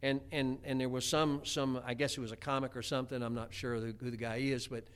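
A man's voice: medium pitch, level tone, brisk, fairly bright tone, smooth. A middle-aged man preaching a homespun sermon, chatty, with many stammered restarts. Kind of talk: folksy sermon.

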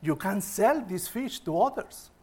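A man's voice: high voice, lively intonation, measured pace, darkish tone. A man voicing an ambitious male business executive who lays out his plans step by step, often opening with "well". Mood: curious. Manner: eager, explaining step by step, opens with "well".

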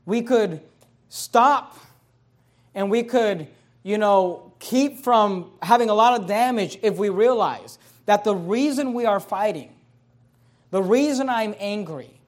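A man with a high voice preaching a sermon. He stacks repeated phrases in a steady preaching cadence and drives them up to loud, emphatic peaks before dropping back to a quieter tone. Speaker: pastor.

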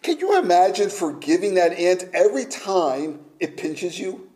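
A man preaching a sermon slowly and emphatically, sometimes dropping to a near-whisper for effect. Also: high-pitched, sing-song, a little mellow, poor audio.

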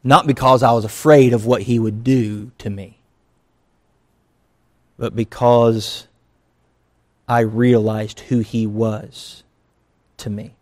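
A male pastor delivering a conversational sermon, mixing earnest teaching with quick acted asides. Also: medium pitch, fairly even intonation, darkish tone.

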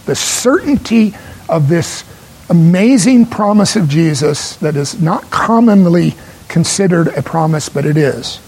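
A man preaching a sermon as pastor, earnest and emphatic, with pauses for stress. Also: a little high, animated, darkish tone, slightly rough, low-quality recording.

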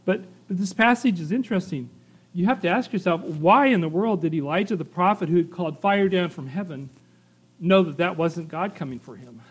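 A middle-aged man with a high-pitched voice preaches a sermon to his congregation. He talks in a loose, conversational way, reads passages aloud and tosses in "right?" and "you know" between points. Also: brisk, slightly rough. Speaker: pastor.

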